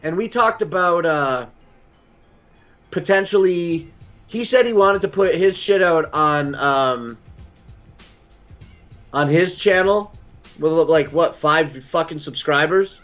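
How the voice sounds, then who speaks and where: Canadian man on a live talk show, crude and joking, higher-pitched, slightly dull audio with faint music. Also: slow, pauses often, a bit bright. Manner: profane, joking, slips into a mock Aussie accent. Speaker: guest. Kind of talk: casual chat.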